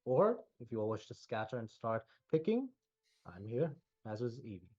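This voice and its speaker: A man narrating as game master of a tabletop role-playing game, laughing often and slowing down for gentle in-character speeches. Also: medium pitch, very animated, highs cut off.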